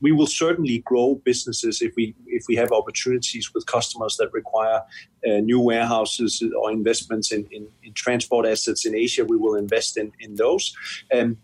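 A man's voice: lowish voice, breathy edge, rough recording. A man, a chief executive, answering business interview questions in a hesitant way with many fillers and restarts. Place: Singapore.

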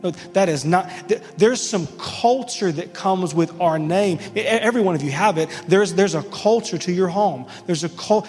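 A man's voice: sits high, moderate pace, hardly any pauses, darkish tone, in a large hall. A pastor in his thirties preaching a sermon in an earnest, emphatic way, often restarting his sentences.

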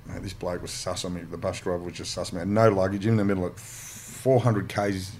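A man's voice: sits low, level tone, fairly quick, darkish tone. An Australian man, a podcast guest, telling stories casually in a blunt, profane, rambling way, full of restarts. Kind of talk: casual storytelling.

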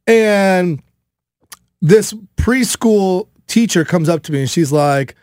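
Casting: man in his thirties, show host, high voice, loud animated storyteller, dry studio sound. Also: measured pace, no echo. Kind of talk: casual chat.

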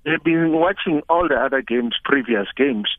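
An older man with a South African accent, a former football coach speaking as a guest over the phone in a relaxed, chatty way. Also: mid-range voice, normal speed, dry recording. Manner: relaxed, chatty, repeats words when starting. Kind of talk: phone interview. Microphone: telephone. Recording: tinny phone line.

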